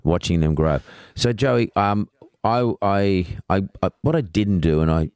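A man's voice: low-pitched, lively intonation, a little slow, darkish tone, clear, resonant tone, no echo, studio quality. A man hosting an interview, asking rambling questions that he restarts often. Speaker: host.

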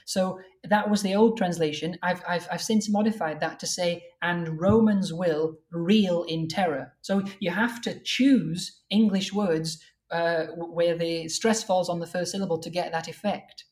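A woman translator in an academic conversation, explaining her work carefully and reading verse lines slowly and deliberately. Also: on the low side, fairly even intonation, a little mellow. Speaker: translator of Old Norse verse.

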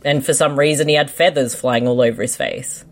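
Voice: mid-range voice, steady tone, brisk. A podcast co-host who gives casual, joking commentary on a movie and laughs often.

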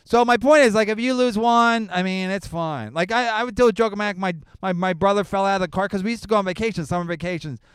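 High-voiced, profane rambling man. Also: quick pace, hardly any pauses, smooth, no room sound, clean studio sound. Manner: profane, rambling, animated storytelling. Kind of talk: casual chat.

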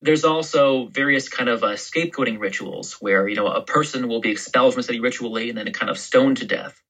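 Historian guest, male, bright and slightly husky, rambling explainer. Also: mid-range voice, a little fast, low-quality recording. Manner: explains history in long, loose storytelling turns. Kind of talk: podcast interview.

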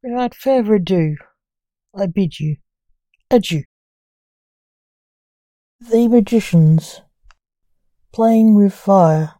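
A woman hosting a podcast, narrating a gothic story in a measured, deliberate reading. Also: medium pitch, mellow, no echo.

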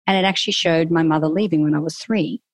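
A middle-aged woman tells a personal story in a casual, candid way. Her voice sits a little low for a woman, and she lively acts out her own thoughts. The sound is dry and close, with no room echo. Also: quick pace. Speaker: guest.

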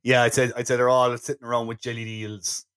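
A man's voice: mid-range voice, little pitch movement, a little fast, fairly bright tone, smooth. A man hosting a casual film review chat, good-humoured and rambling. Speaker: podcast host.

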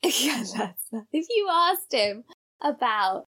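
A woman co-hosting a podcast, telling a spooky family story in a casual, animated way and laughing as she goes. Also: sits high, slow pace. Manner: animated storyteller, laughs mid-sentence, acts out voices. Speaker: podcast co-host.

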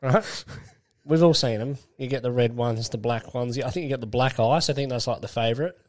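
A man, chatting as a podcast co-host. He tells stories in a crude, rambling way, with laughs breaking in. His pitch sits in the middle. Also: a little fast. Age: late 20s. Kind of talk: casual storytelling chat.

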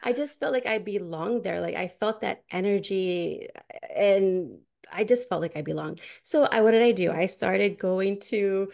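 A woman's voice: mid-range voice, a little slow, creaky, darkish tone. A woman podcast host telling a personal story in a chatty way, full of "like" and frequent laughter. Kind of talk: casual conversational storytelling.

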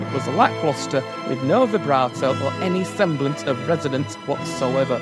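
A man's voice: mid-range voice, animated, normal speed, loud music behind the voice, lightly acted. A man voicing an indignant, pompous parent who sounds off in a comedy sketch with haughty, theatrical outrage. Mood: outraged.

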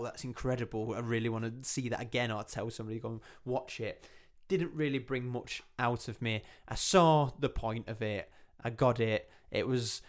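A young man hosts a relaxed film podcast in a middle-pitched voice. He is chatty and animated, and he acts out lines from scenes with playful jumps in tone. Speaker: podcast host. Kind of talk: casual film review chat.

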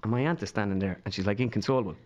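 A young Irish man, a podcast guest, telling a funny story in a loose, animated way and putting on voices of the people in it. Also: fairly low pitch, racing, dull audio. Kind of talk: casual storytelling chat.

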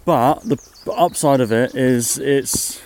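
Brief: casual male vlogger, mid-pitched, wry and teasing, faint background noise. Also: darkish tone. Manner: wry, chatty, quick to tease. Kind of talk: casual chat. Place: parked van at a viewpoint.

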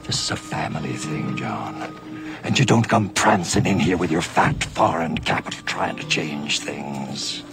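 A menacing older Irish villain. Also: male voice, rumbling low, unhurried, gravelly, over music, full character voice. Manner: menacing, theatrical, overacted. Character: older male villainous frontier store boss. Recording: film clip with loud score behind.

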